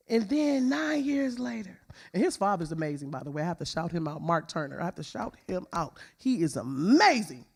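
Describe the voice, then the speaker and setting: Expressive woman giving a heartfelt testimony. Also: on the low side, brisk, breathy edge. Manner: expressive, emphatic storytelling. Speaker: speaker at a women's conference. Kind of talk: personal testimony speech. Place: church conference.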